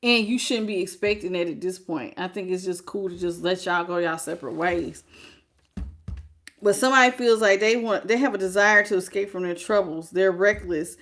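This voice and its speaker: A woman's voice: fairly low pitch, moderate pace, a bit bright. A woman hosting a live tarot reading. She talks frankly and folksily, greets viewers by name and calls them baby. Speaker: tarot reader.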